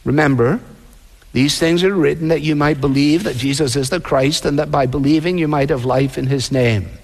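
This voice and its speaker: Male pastor, higher voice, earnest conversational sermon, big reverberant sanctuary. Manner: earnest, conversational preaching with rhetorical questions and quoted voices. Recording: long reverb in a large hall.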